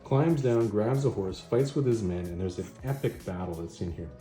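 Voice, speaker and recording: A man hosting a casual comic book review video, retelling the story in a chatty, animated way. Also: lowish voice, moderate pace. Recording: roomy echo, faint music.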